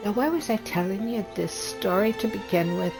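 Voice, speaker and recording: A woman's voice: mid-range voice, moderate pace, gravelly, poor audio. A woman playing a wood elf character in a game, telling a rambling tavern story that trails off and restarts. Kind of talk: in-character game role-play. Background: game music.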